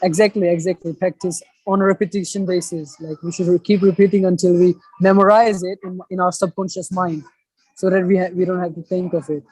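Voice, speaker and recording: A man's voice: high voice, a little fast, breathy edge, no echo, poor audio. Young man with a learned Australian accent. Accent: Australian accent learned as a second accent. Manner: relaxed, speaks with a put-on Australian-style accent. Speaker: interview guest, subscriber. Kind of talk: casual conversation on a video call. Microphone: video call.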